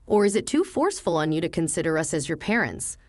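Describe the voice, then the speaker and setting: A man's voice: a little high, very animated, fast talker, no echo, clean studio sound. A woman doing a kindly fatherly older boss.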